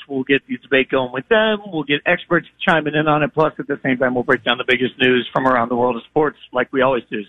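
A man hosting a sports radio show, talking in a fast, energetic, casual way. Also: mid-range voice, no echo, narrow, tinny audio. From Nashville, US South.

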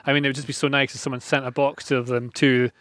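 A man's voice: mid-range voice, level tone, fast talker, fairly bright tone, no echo. A man chatting as a podcast co-host, teasing and talkative. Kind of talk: casual podcast chat.

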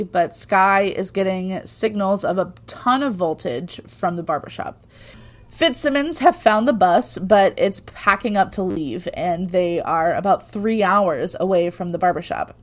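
Unhurried woman recapping with a laugh. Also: on the low side. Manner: chatty, laughs often, irreverent asides. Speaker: podcast co-host. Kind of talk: casual episode recap chat.

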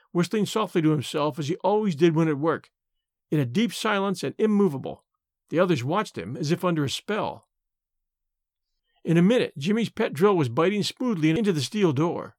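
A man reading a classic short story aloud, expressive and varied. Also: sits high, no echo, studio quality.

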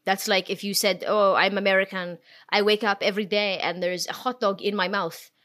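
A woman voicing a bewildered, put-upon captive guest with a fake French accent, speaking quietly and hesitantly. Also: mid-range voice, fairly even intonation, fairly quick, lightly acted. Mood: mock-forlorn.

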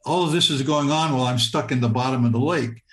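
An older man from Michigan telling a personal story, halting and repeating words as he relives it in vivid present tense. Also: medium pitch, fairly bright tone, reverberant. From Michigan, United States.

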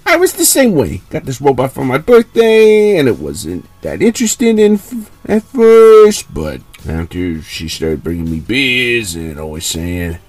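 A man voicing a crude mock Paulie, a gruff older man giving a comic public service announcement. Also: mid-range voice, wildly swooping pitch, a little slow, few pauses, darkish tone, no echo, faint music behind. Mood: brash. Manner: gravelly, brash comic PSA delivery. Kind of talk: comedy sketch.

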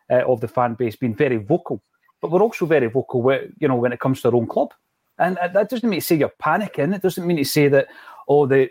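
Chatty Scottish host. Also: male voice, medium pitch, a little mellow, no room sound. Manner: chatty, teasing, frequent wee asides. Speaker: podcast host. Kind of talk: casual chat.

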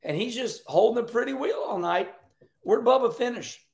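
A folksy man in his sixties talks racing on his own show, laughing and repeating himself as he goes. His voice is high for a man and gravelly, and it rings in an echoey room. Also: animated, moderate pace, a little mellow. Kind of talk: casual commentary.

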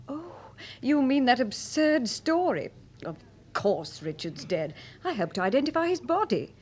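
An actress playing a worldly, sharp-tongued novelist in a radio drama. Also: female voice, high-pitched, sing-song, a little slow, a little hiss or hum. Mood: wry. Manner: poised, sardonic.

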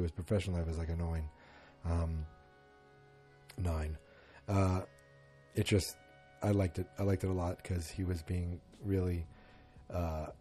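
A man's voice: low voice, mellow, slightly rough. A man casually recapping a TV episode, rambling and correcting himself as he goes. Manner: rambling, self-correcting, many fillers.

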